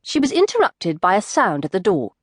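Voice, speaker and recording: A woman's voice: mid-range voice, huge pitch swings, a little fast, no room sound, clean studio sound. Woman narrating an audiobook. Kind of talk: scripted narration.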